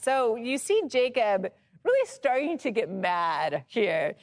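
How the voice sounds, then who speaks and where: A woman in her thirties teaching a casual Bible study, chatty and expressive, laughing often as she explains the passage. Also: on the high side, takes it slowly.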